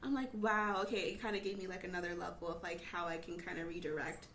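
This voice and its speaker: A young woman guest talks quickly and excitably in a casual chat, sometimes dropping to a whisper. The room is echoey, with a faint hiss behind her. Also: fairly low pitch. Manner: fast, excitable, whispers asides. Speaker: podcast guest.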